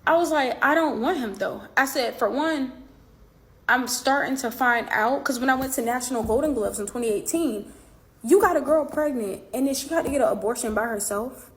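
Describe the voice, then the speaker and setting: A woman's voice: high-pitched, normal speed. A woman telling a personal story in casual chat, animatedly acting out past conversations and speaking straight to her viewers. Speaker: boxer telling her side of a falling-out.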